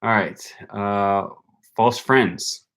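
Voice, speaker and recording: Young Wisconsin-accented man, on the low side, chatty host musing aloud to viewers. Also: steady tone, very slow, a bit bright. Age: young adult. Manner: rambling, thinks aloud with many ums and likes. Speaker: language-learning channel host. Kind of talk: casual livestream chat with viewers.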